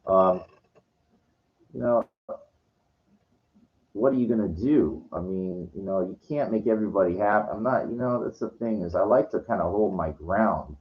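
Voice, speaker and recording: A middle-aged man telling a story from his night out in a rambling, halting, profane way, vlogging to camera. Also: lowish voice. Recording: dull lo-fi recording.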